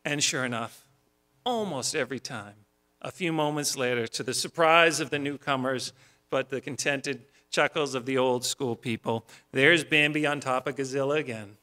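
A man's voice: medium pitch, unhurried, long pauses, bright, forceful tone. A male pastor preaching a sermon in a homely, storytelling way, often repeating words as he starts a phrase.

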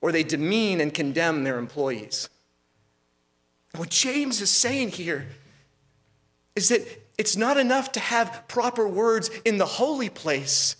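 A man's voice: sits high, very animated, slow, a bit bright. A man preaching a sermon as pastor, asking rhetorical questions and restarting phrases as he goes.

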